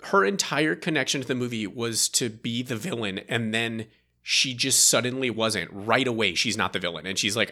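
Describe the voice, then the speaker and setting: A man co-hosting a podcast, chatting casually about a film in a rambling, animated way and laughing often. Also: medium pitch, brisk. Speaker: podcast co-host. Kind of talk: casual movie review chat.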